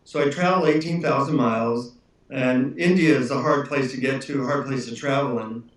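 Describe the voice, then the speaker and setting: A man, an author being interviewed, telling relaxed anecdotes with frequent fillers. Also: mid-range voice, fairly quick. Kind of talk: anecdotal storytelling. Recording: roomy room, distant mic.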